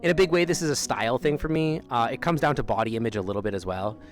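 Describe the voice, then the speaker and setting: A man's voice: mid-range voice, rapid-fire, soft background music. A man chatting casually on a live stream while sitting outdoors, rambling, trailing off mid-sentence and laughing often. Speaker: livestreamer. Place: outdoors near an amphitheater.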